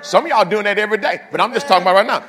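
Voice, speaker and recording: An older pastor with a high, ringing voice preaches a sermon in a long-echoing hall. He swings between loud, emphatic lines and hushed ones, and drops in humorous asides to the congregation. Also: racing, a little hiss or hum. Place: church.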